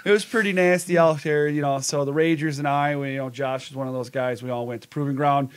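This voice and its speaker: A man's voice: on the high side, fairly even intonation, fast talker, clear, resonant tone. Upbeat chatty male show host. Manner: upbeat, chatty, greets viewers. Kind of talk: casual live-stream chat.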